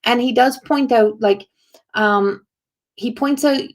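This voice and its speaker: Speaking slowly in a slightly high voice, a woman improvises an oracle card reading as a psychic medium. Her account of what a spirit is saying wanders, with frequent restarts and many uses of "like."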